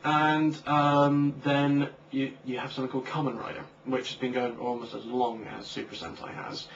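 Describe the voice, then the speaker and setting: A young man with a mid-range, level voice talks at a normal pace, co-hosting a casual chat where he rambles, jokes, and fills the gaps with lots of fillers. He's a comic creator, and the recording comes from a distant lo-fi mic with a faint hiss.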